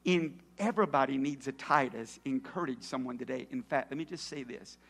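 A man preaching a sermon, telling stories and dropping from loud lines to hushed whispers. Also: medium pitch, a little fast. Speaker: pastor.

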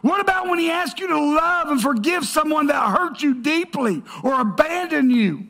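A male pastor preaching a sermon to his congregation. He is emphatic, rises to shouts, then drops to a hush. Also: very high voice, lively intonation, moderate pace, vocal fry. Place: church stage before a congregation.

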